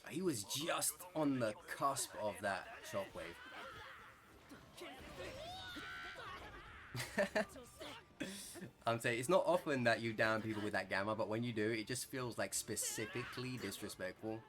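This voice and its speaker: A man's voice: lowish voice, normal speed, hardly any pauses. A man commentating on his own gameplay in a chatty, joking way, laughing often. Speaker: gaming content creator. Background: game music.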